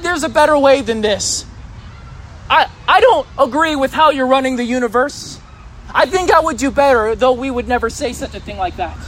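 A man's voice: very high voice, slight background noise. A male pastor preaching a sermon in a conversational way, often putting questions to the congregation.

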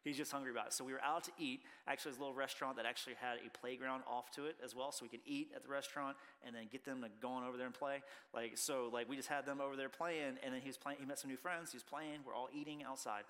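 A man's voice: mid-range voice, fairly even intonation, very fast, hardly any pauses, fairly bright tone, big-room sound. A man in his thirties, a pastor giving a conversational sermon full of stories and filler words.

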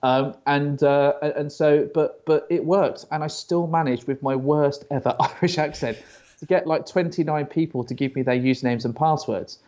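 A man's voice: on the high side, fairly even intonation, normal speed, a little mellow, muffled recording. A British man chatting as an interview guest, often stammering and restarting, telling stories. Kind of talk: casual interview chat.

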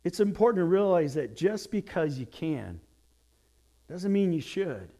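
Guy pastor preaching, high voice, lively storyteller, jumps around in pitch a lot. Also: unhurried. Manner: animated storytelling with acted quotes and jokes. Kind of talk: sermon.

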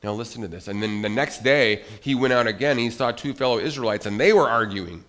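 A man telling a Bible story to children at a church service. He sounds animated, keeps asking the kids questions and calls on them by name, in an everyday mid-range voice. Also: mid-range voice, fast.

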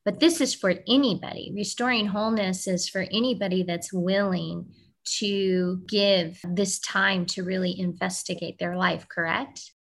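A woman's voice: mid-range voice, steady tone, a little slow. A woman hosts a faith talk show interview. She reflects on what her guests say and asks affirming, open questions in a mid-range voice. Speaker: host.

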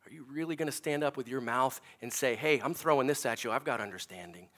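A middle-aged man preaching a sermon, acting out stories with sound effects and then dropping to a quiet, earnest tone. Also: medium pitch, fast. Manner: animated, acts out sounds and stories, drops to hushed tones. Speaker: pastor. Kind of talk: sermon with storytelling.

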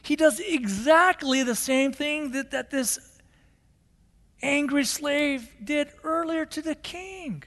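A male pastor preaching a sermon in a church, telling the story in an animated way and acting out the characters. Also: extremely high pitch, slow. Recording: long hall reverb.

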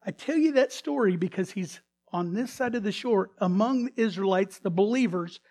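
A male pastor preaching a sermon who retells a story dramatically and often restarts or repeats his words. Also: high voice. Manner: dramatic storytelling, swinging between loud emphasis and hushed tones.

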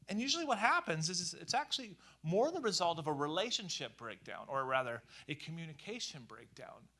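A man preaching a conversational sermon in a lively, animated way, full of casual fillers. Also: on the high side, a little fast, few pauses. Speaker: pastor.

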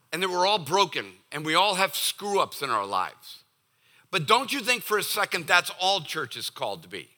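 Lively, bright-voiced man preaching casually. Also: a little high. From Boston area. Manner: animated and jokey, acts out listeners' voices. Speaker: pastor. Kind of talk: conversational sermon.

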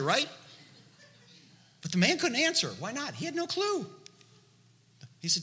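A man preaching a sermon in an animated, conversational way, asking the listeners many rhetorical questions. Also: sits high, a little fast, long pauses, in a large hall. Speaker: pastor.

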